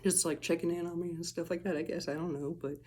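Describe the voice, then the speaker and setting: Vlogger, rambling monologue, swears freely, laughs between thoughts, middling pitch. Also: little pitch movement, fast talker, darkish tone. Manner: rambling, profane, chuckles often.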